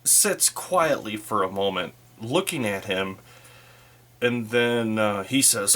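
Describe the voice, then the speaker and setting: Man, solo tabletop game narrator, low voice, very slow, thinking aloud. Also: animated, fairly bright tone. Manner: thinking aloud, unhurried, with fillers.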